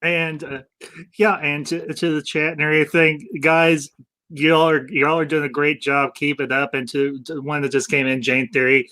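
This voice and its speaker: Bright-voiced man greeting stream viewers. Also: a little high, little pitch movement, normal speed. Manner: friendly shout-outs to viewers. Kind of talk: casual livestream chat.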